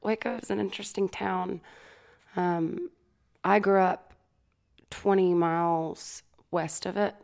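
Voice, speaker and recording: A woman's voice: on the low side, fairly even intonation, slow pace, creaky, long pauses, a little mellow. A young woman, a singer chatting easily as a podcast guest, laughing often. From Texas. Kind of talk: casual interview chat. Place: home studio.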